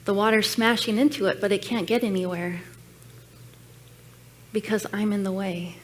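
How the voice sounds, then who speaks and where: A woman's voice: mid-range voice, steady tone, moderate pace. A woman giving a personal sermon message at a church, telling her story in an earnest, reflective way. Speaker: guest speaker at church. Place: church sanctuary.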